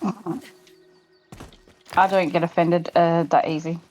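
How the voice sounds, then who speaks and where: A woman chatting casually on a call, calm and matter-of-fact with short replies. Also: lowish voice, slow pace, poor audio. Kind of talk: casual chat.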